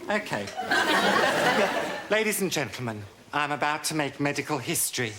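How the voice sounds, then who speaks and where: Playing to a live studio audience on a TV set, a sitcom lead is camp and arch, dropping saucy innuendo as he banters. His voice is a little high, sing-song and unhurried, with loud audience laughter and hiss in the recording.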